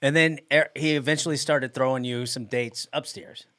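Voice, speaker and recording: A man hosts an interview podcast and mostly offers short agreeing replies and quick asides. His voice sits at a middling pitch. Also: steady tone, fairly bright tone. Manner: brief backchannel replies. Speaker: podcast host. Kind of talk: casual interview.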